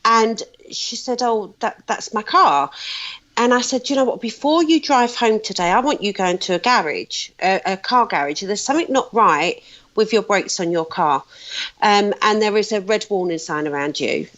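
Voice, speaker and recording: A woman's voice: mid-range voice, lively intonation, normal speed, a bit bright. A British woman in her thirties or older, a psychic guest telling stories in a casual podcast interview, chatty with frequent fillers. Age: 30s or older. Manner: chatty storyteller, laughs often, many fillers. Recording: slightly dull lo-fi audio.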